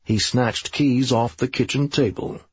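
A male audiobook narrator with a slow, husky delivery. The recording is dry and sounds slightly dull. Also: medium pitch, steady tone, no room sound. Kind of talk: scripted narration.

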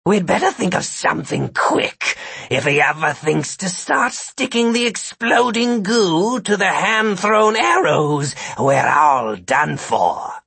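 A man's voice: very high voice, huge pitch swings, slow, gravelly, few pauses, a bit bright, husky, no room sound, pitched above the performer's own voice, exaggerated voice. A man doing a slobbering monster magician. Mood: sarcastic urgency. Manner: snarling, drooling, dismissive.

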